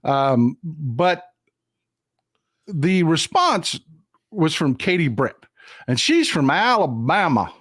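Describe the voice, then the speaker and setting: A man from Texas hosting a casual live-stream chat, talking in a joking, animated way. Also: fairly high pitch, slow pace, pauses often, slightly rough, no room sound. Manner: chatty, joking, animated storytelling. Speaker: host.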